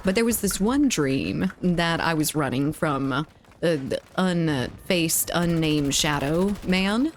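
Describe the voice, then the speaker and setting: A woman's voice: deep voice, animated, slow pace, a little hiss or hum. A woman streaming a game, chatting casually and giggling as she reads chat aloud.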